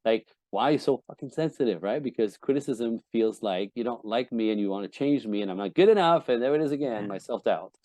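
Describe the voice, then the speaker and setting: A man's voice: medium pitch, expressive, fairly quick, hardly any pauses, dark tone, no room sound. A man on a podcast as a relationship coach guest, speaking bluntly and emphatically, swearing often and acting out quoted partners. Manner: acts out quoted voices of wives and husbands. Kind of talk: candid podcast interview.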